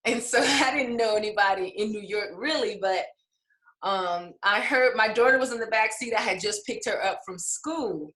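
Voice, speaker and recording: Bright-voiced woman author in echoey room. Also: medium pitch, moderate pace. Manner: warm, emotional, laughs often, many fillers. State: tearful at times. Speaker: author and English professor. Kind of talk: interview storytelling.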